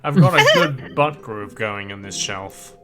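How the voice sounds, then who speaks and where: Woman putting on a low deadpan middle-aged guy, ex-porcelain doll, game character, loud jazz behind. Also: measured pace, over loud music.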